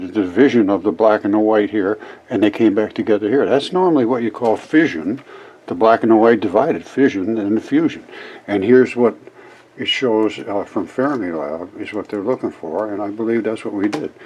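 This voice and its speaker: An older man rambling through an explanation of experiment footage, halting and repeating words as he goes. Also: lowish voice, a little mellow, slightly rough. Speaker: independent science video maker. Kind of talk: casual explanation over footage.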